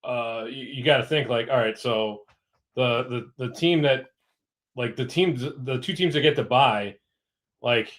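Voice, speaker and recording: A man's voice: medium pitch, unhurried, a bit bright. A man co-hosting a live sports chat, laid-back and hesitant, full of fillers. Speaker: co-host. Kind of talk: casual live show chat.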